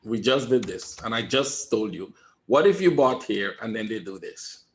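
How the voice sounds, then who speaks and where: A man giving live trading commentary in a webinar, calm and reassuring, repeating his points and often asking "right?". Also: fairly low pitch, normal speed, a little hiss or hum. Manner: emphatic, talks straight to viewers. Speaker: trader teaching a webinar.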